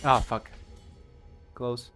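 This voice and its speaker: Rambling Ukrainian-accented gamer. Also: male voice, very slow, pushed and bright, soft background music. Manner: rambling, chuckling, swears often. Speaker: gamer streamer. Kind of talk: casual gameplay commentary.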